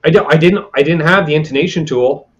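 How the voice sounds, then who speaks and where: A man's voice: a little high, quick pace. A man hosting a casual livestream chat, telling rambling, salty stories and acting out what people said, heard over a video call. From Canada. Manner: salty, rambling storyteller who acts out quotes. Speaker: livestream host. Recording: dull lo-fi stream audio.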